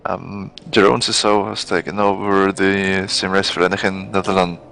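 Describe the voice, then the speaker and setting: A man's voice: low-pitched, little pitch movement, moderate pace, creaky, pushed and bright. A man giving live race commentary, reading out driver changes and positions. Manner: running race updates, names and positions.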